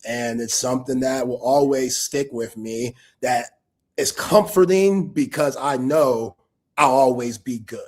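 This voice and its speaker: A sports talk show host chats casually on a livestream, his medium-pitched voice moving at a measured pace. The talk rambles, feels sincere, and is full of street slang.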